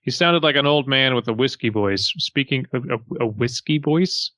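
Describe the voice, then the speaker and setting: A man's voice: medium pitch, moderate pace, pushed and bright, no echo. A man co-hosting a podcast, reading a horror story aloud casually and swearing now and then.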